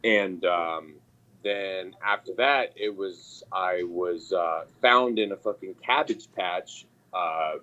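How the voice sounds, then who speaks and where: A man's voice: low-pitched, takes it slowly, pushed and bright. Man host, casual ranting storyteller, sarcastic, profane, dull lo-fi audio. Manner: profane, sarcastic storytelling, mocking quotes in raised voice. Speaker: podcast host. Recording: dull lo-fi sound.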